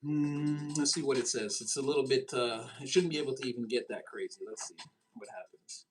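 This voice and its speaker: A man giving a casual tarot reading, excitable and rambling, with many restarts and fillers. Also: medium pitch, a little fast, poor audio. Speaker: tarot reader.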